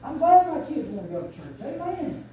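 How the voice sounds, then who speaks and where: A man preaching a fervent sermon as pastor, swinging from quiet asides up to loud shouts. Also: sing-song, normal speed, slight background noise. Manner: fervent preaching, surging to shouts and dropping low. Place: church sanctuary. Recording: very echoey church sanctuary, mic at a distance.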